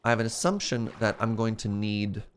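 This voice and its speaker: A man's voice: fairly low pitch, fairly quick, clean tone. A young adult man thinking aloud in casual commentary while streaming a modded block game. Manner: thinking aloud, rambling and musing.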